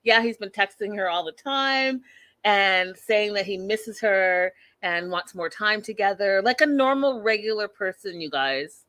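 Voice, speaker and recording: A woman's voice: medium pitch, unhurried, fairly bright tone. A woman hosting an online recap of a reality show, talking casually and chattily with the viewers and laughing at herself.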